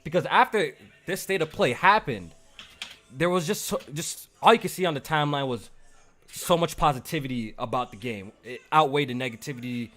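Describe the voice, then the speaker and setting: A man's voice: on the high side, brisk, fairly bright tone, soft background music. A man hosting a casual gaming podcast, reading out viewer comments in a laid-back way. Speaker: podcast host. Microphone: low mic level.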